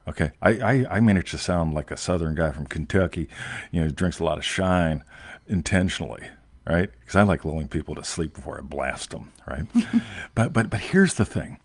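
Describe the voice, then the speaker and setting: A man's voice: extremely low pitch, animated, moderate pace, vocal fry, breathy edge, no echo. A man hosting a casual chat, rambling and emphatic, often tagging "right?" and swearing offhandedly. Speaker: host.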